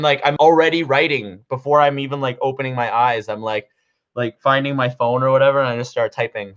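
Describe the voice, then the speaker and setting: Chatty young man with a slightly dull sound. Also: mid-range voice. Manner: chatty and playful, then reads his own poem aloud. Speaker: vlogger. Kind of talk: casual vlog chat.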